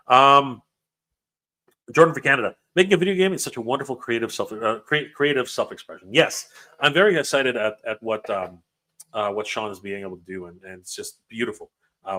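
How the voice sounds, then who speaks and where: A man hosting a livestream, emotional and excited, often stumbling over his words while reading viewer comments. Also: mid-range voice. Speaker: livestream host.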